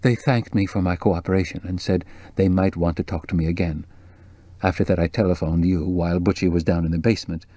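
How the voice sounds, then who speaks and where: A man reading the part of a jumpy, anxious young woman with a low, breathless voice in an audiobook. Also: steady tone, a little fast, warm tone, no echo. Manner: nervous, jumpy, worried.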